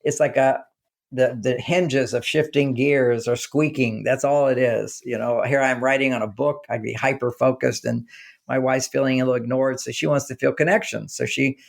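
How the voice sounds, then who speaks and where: A male author chatting as an interview guest, telling lively stories and slipping into the voices of the people in them. His voice has a gravelly, creaky texture at a middle pitch, and his talk rambles with frequent restarts. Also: moderate pace. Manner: animated storyteller acting out quoted dialogue.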